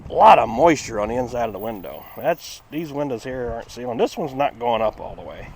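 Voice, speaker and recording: A man hosting a casual car-restoration vlog outdoors. He talks in a chatty, folksy way and swings between a high, excited voice and a flat one. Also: brisk, creaky, slight background noise. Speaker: channel host.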